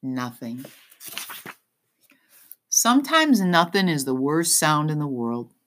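A woman narrating an audiobook in the first person with expressive, unhurried storytelling. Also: low voice, a little hiss or hum.

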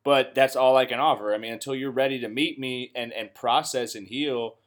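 A man in casual podcast chat, reflecting earnestly on personal growth in slangy, relaxed speech. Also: mid-range voice, brisk.

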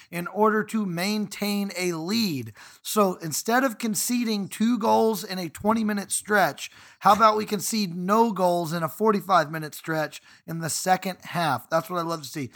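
A man's voice: high-pitched, normal speed, gravelly, hardly any pauses, fairly bright tone. A man co-hosting a casual podcast, ranting emphatically and swearing freely. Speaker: podcast co-host.

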